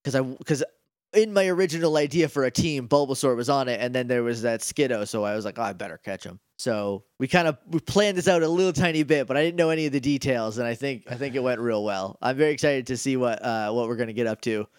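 A man co-hosting a tabletop game podcast, playing in character and chatting casually, playful and quick to laugh. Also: medium pitch, smooth, dry recording, clean studio sound. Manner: playful, laughs often, lively in-character asides. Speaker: podcast co-host and player.

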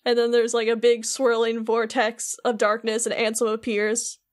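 A woman's voice: on the high side, moderate pace. Chatty woman recapping a game. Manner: animated, chatty, full of "like". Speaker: podcast co-host. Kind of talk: casual chat, recapping a game.

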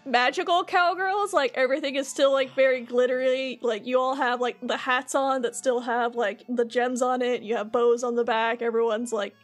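A woman's voice: high-pitched, steady tone, normal speed, hardly any pauses, soft background music. A woman narrating as game master of a tabletop role-play, describing scenes casually with lots of fillers.

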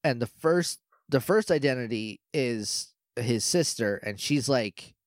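A man co-hosting a podcast, retelling a movie in a rambling, joking way and acting out its lines in quick quoted voices. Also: mid-range voice, expressive, dry recording, studio quality. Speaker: podcast co-host. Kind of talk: casual movie recap chat.

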